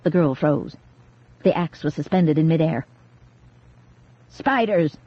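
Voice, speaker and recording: Woman narrator, lowish husky voice, dull dry 1980s cassette studio sound. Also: fairly even intonation. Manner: measured, dramatic reading. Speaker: audiobook narrator. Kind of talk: scripted narration. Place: recording studio.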